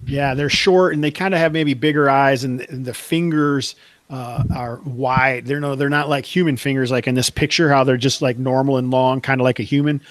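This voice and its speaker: A man's voice: mid-range voice, steady tone, moderate pace, dry recording, poor audio. Man in a dry, close sound, running the game. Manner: loose, chatty scene-setting with many fillers. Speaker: game master. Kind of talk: narrating a tabletop game.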